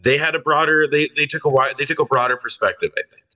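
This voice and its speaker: A man's voice: a little high, fairly even intonation, fast talker, over a noisy crowd. A male guest in a casual reaction stream, talking in a hesitant, filler-heavy and sardonic way over a distant video-call mic. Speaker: guest commentator.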